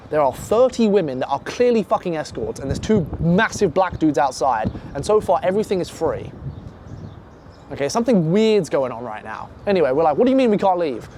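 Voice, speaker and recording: A young man casually telling a profane, animated story and acting out the other voices in it. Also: fairly high pitch, fairly quick, slight background noise.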